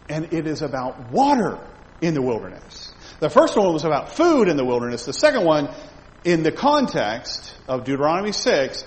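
A man teaching a Bible lesson in a conversational way, asking his listeners questions as he points to slides. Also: medium pitch. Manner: animated, conversational, asks the audience questions. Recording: reverberant hall with faint background noise.

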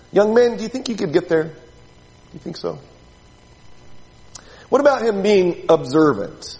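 A man's voice: high voice, expressive, normal speed, gravelly, long pauses, a little mellow, big-room sound, rough recording. A man preaching a sermon in a church, talking to the congregation in a conversational way and asking many rhetorical questions. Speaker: pastor.

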